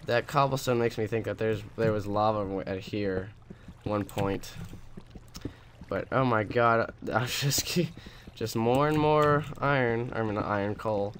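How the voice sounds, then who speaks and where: Speaking a little slowly in a lowish, slightly bright voice, a young let's play host chats about his gameplay over slight background noise. His manner is sarcastic and rambling, full of rants and false starts.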